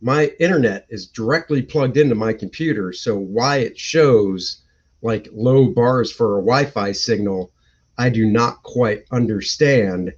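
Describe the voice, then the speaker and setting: A man's voice: mid-range voice, unhurried, lo-fi sound. A man hosting a casual live stream, chatting and reading out viewer comments as they come in. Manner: chatty, greets and reads viewer comments aloud.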